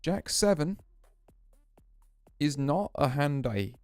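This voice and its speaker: A man's voice: on the high side, sing-song, slow, a little mellow, no echo, faint music behind. A man streaming a poker game, casually musing and explaining his hands as he plays. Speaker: VTuber streamer. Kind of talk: casual poker play commentary.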